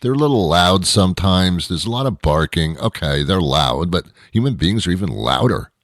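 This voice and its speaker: A male host giving a wry, rambling comedic monologue with dramatic pauses. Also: low voice, expressive, dry recording, clean studio sound.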